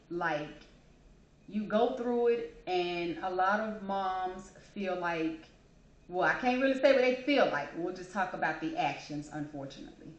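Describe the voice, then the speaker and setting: A woman shares a personal story in a casual, chatty way. She is emotional but keeps smiling and laughing as she talks. Her voice sits at a middle pitch and carries some room echo. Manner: emotional, chatty, smiles and laughs while talking. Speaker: host. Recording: echoey room.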